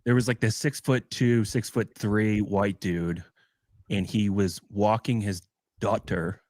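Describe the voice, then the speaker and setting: A man's voice: fairly low pitch, fairly even intonation, takes it slowly, darkish tone, dry recording, studio quality. Laid-back man telling stories on a podcast. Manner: laid-back storyteller who acts out the people in his stories. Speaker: podcast co-host. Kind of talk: casual chat.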